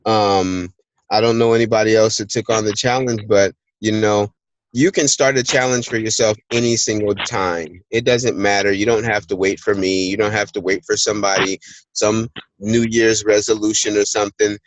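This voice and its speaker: A man's voice: lowish voice, moderate pace, no echo, poor audio. A man hosting a team call, talking casually and energetically, telling stories and urging listeners on. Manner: energetic, storytelling, plays out voices in quotes. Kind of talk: casual motivational talk. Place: hot place, remote recording.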